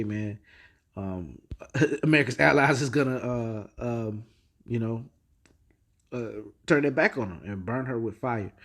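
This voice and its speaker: A man gives a loose, rambling commentary on the news, full of slang and fillers. He stops often to restart his sentences. Now and then he reads headlines and scripture aloud. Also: mid-range voice. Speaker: religious video host.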